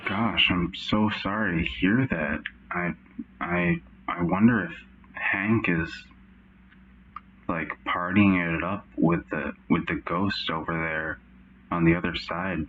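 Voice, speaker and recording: Man interviewer, very low voice, slow hesitant questions, dull lo-fi mic, faint hiss. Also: fairly even intonation.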